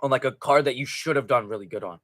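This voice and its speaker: A man talks fast in a mid-range, fairly bright voice while hosting a live stream. He reads out viewer comments in casual, profane, rambling chat, often restarting what he's saying.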